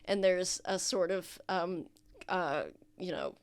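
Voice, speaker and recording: A woman with a smooth, resonant voice runs a tabletop game as game master. She narrates in a rambling, playful way, full of fillers and little asides. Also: on the low side, takes it slowly.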